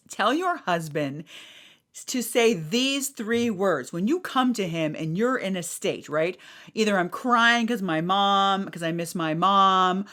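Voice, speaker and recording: A woman's voice: fairly low pitch, pushed and bright. A middle-aged woman hosting a podcast, talking frankly and animatedly, swearing freely and acting out what others say. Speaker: podcast host. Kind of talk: casual talk.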